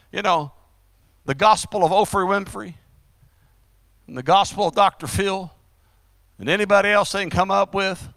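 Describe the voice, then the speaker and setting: Fiery high-voiced preacher. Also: male voice, no echo. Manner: emphatic, rising and dropping loudness, drawn-out stresses. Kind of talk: fiery sermon.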